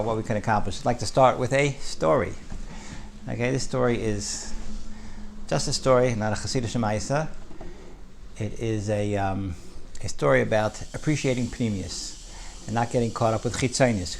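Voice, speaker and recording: A man teaches a Torah class in a relaxed, conversational way, often turning to his listeners with "right?". His voice sits at a middling pitch and has a gravelly rasp. There is a faint hiss behind him.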